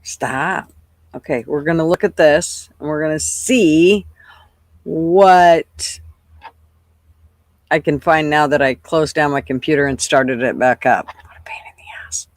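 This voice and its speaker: A woman's voice: low-pitched, slow pace, long pauses, no room sound, clean studio sound. An older woman hosting a casual livestream, chatting loosely, swearing freely and greeting viewers by name at her computer. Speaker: livestream host.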